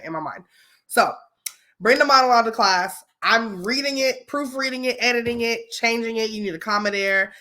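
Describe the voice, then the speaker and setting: Lady podcast host, lowish voice, swears a lot, animated casual storytelling. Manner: animated, swears freely, checks in with listeners.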